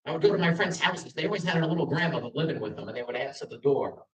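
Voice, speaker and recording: A man's voice: on the high side, animated, racing. A middle-aged man from Long Island, doing a stand-up set with self-deprecating stories and acted-out dialogue. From Long Island, New York. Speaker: stand-up comedian. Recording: roomy venue, mic from a distance.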